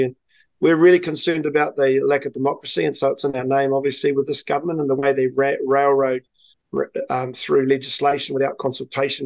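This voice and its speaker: An earnest man with a New Zealand accent speaks as a party leader in a political interview. His tone stays flat and even, and he leans on many fillers and restarts. The recording is dry and close. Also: mid-range voice, dry recording, rough recording.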